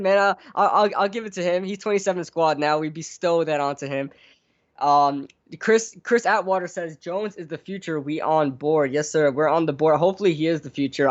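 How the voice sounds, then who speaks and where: Male podcast co-host, casual rambling talk, somewhat high pitch, muffled stream audio. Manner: rambling, many restarts and fillers. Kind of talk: casual sports podcast chat.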